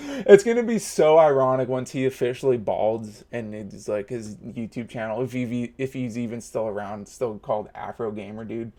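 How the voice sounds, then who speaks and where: A man's voice: mid-range voice, moderate pace, warm tone. A man in his thirties hosting a reaction video, ranting in a heated, mocking way. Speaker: host. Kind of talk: reaction commentary.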